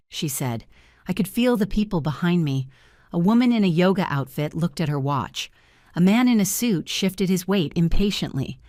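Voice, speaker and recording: Female storyteller, low voice, dramatic first-person read. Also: expressive, normal speed, a little mellow, no room sound, studio quality. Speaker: narrator.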